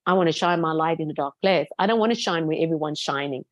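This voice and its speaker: A woman's voice: sits low, fast talker, no room sound. A woman guest speaking earnestly and emphatically in a conversation, repeating words for stress as she shares a personal testimony.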